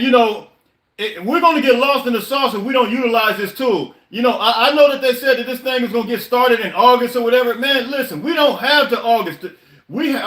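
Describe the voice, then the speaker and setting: A man's voice: very high-pitched, bright, forceful tone, reverberant. A man hosting a live podcast stream, venting his frustration in a casual, repetitive way with many stammered restarts. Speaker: podcast host.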